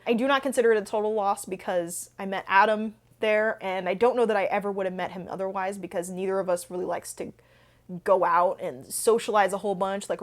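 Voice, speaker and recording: A young adult woman hosting a book channel, telling stories in a chatty, rambling way full of fillers. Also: mid-range voice. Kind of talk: casual Q&A storytelling.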